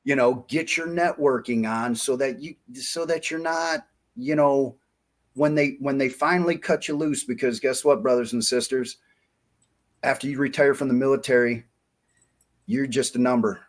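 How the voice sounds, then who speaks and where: A man in his forties telling war-buddy stories in a folksy, animated way on a casual interview. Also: mid-range voice, normal speed. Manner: folksy, animated, acts out quoted dialogue. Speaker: podcast guest, diving company founder.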